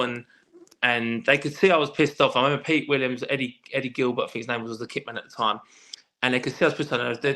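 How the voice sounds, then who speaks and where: Male guest, rapid animated storyteller, bright forceful tone, swears a lot. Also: mid-range voice. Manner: animated storyteller, swears freely, many restarts. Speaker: guest, former footballer. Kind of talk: casual podcast chat.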